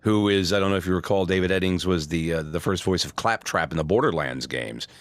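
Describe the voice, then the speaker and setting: Snarky storytelling man, low voice. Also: fast, dry recording. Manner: storytelling, animated. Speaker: voice actor guest. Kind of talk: casual interview chat.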